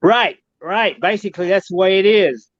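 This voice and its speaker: Rambling high-voiced man. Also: moderate pace, dry recording, lo-fi sound. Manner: rambling, repeats "she said" often, folksy. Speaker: podcast guest recounting an alien encounter. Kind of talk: casual storytelling.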